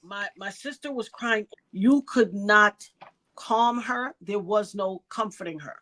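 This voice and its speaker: She speaks slowly in a mid-range voice with a bright, forceful tone. The speaker, a middle-aged woman from New York, is an interview guest telling an emotional personal story and acting out the voices of its people.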